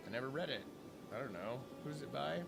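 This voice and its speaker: A man ranting in a casual vlog, swearing constantly and jumping between topics with animated energy. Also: medium pitch, brisk. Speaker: vlogger. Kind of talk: profane casual rant. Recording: clear music playing behind.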